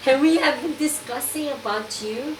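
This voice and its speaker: A woman's voice: high-pitched, normal speed, voice pushed up, natural voice. A woman voicing her kind female friend, insisting on helping, in an echoey room. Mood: excited. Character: kind Dutch woman friend offering help. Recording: echoey room, far from mic, noisy.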